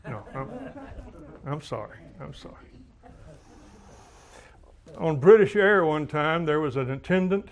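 A man's voice: on the high side, lively intonation, a little slow, pauses often. Folksy preacher man telling stories. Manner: folksy storytelling, dramatic swings in volume. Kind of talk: sermon with anecdotes.

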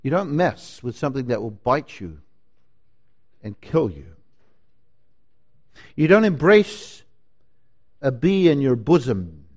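A man preaching a sermon, slow and emphatic, rising to loud declarations and dropping to hushed lines. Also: mid-range voice, very animated, husky. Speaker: pastor.

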